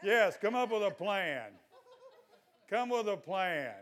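An older man preaching a sermon in a folksy, exhorting way, at times breaking into loud shouts. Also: high voice, sing-song, slow, pauses often.

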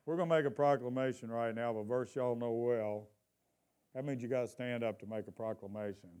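A pastor with a medium-pitched, darkish, clean-toned voice preaches a sermon in church. He calls out questions for the congregation to answer and draws out scripture lines for emphasis.

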